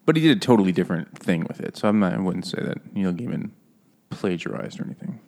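A man co-hosting a casual book club podcast, tossing in jokes and quick asides. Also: sits low, animated, darkish tone. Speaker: podcast co-host.

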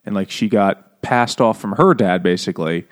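Lowish-voiced man, wry and thoughtful. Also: normal speed. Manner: thoughtful, wry, with small laughs. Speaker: podcast co-host. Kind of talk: casual book-club chat.

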